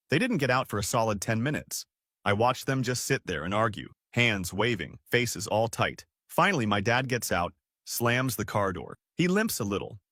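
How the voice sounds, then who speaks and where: A man reading a first-person story aloud in a plain, steady storytelling tone. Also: medium pitch, dry recording, clean studio sound. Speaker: narrator.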